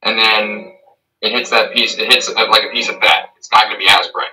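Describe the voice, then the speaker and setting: Bright-voiced man asking a halting question. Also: fairly low pitch, level tone, slight background noise, poor audio. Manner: halting, with repeated fillers. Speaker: student.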